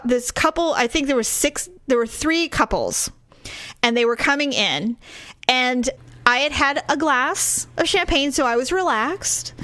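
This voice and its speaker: A middle-aged woman co-hosting a podcast, telling a story in casual chat, laughing often and swinging her pitch wildly when she quotes people. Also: a bit bright, dry recording. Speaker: podcast co-host.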